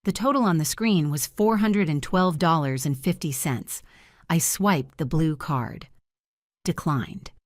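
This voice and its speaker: Low-voiced woman telling a drama story. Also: unhurried, dry recording, studio quality. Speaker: narrator. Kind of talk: first-person scripted storytelling.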